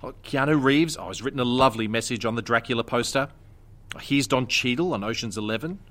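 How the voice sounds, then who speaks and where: Male comedy co-host, bright forceful tone, sardonic mock-earnest reads. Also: medium pitch, quick pace. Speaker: podcast co-host. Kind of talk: comedic scripted chat.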